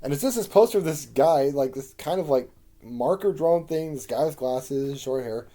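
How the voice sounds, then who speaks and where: A man's voice: a little high, lively intonation, moderate pace, mellow. A man casually recalling his sketch comedy shows, meandering and full of ums and uhs. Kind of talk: casual rambling recollection.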